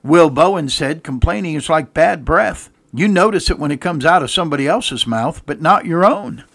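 Gravelly-voiced preaching pastor, man. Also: fairly high pitch, expressive, moderate pace, fairly bright tone. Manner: emphatic preaching with repeated words and restarts; tells jokes and anecdotes between scripture readings. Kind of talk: sermon.

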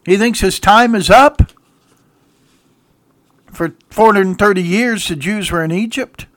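A male pastor preaching a sermon, swinging from loud emphatic peaks down to soft, low passages as he reads and explains scripture. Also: measured pace, no room sound. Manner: reads scripture aloud in King James wording.

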